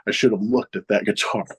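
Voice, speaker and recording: A man's voice: medium pitch, slightly rough. Wrestler guest, 40s, male, middle voice; loose anecdotal storyteller who chuckles and mimics others. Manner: animated anecdotes, chuckling often, acts out others' lines. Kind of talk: casual storytelling interview.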